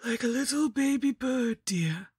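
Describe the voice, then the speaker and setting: A woman voicing a sweetly menacing old female lich hag, crooning slowly in a breathy, husky whisper for a horror story. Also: fairly high pitch, animated, a little mellow, no echo, clean studio sound, pitched above the performer's own voice, full character voice. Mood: crooning menace. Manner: cooing, slow, crooning.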